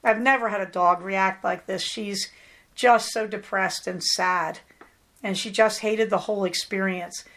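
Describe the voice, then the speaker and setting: Woman, middle-aged, podcast host, chatty, rambling, affectionate, medium pitch. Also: fairly even intonation, a little slow, a bit bright. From Southern California. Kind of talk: casual chat.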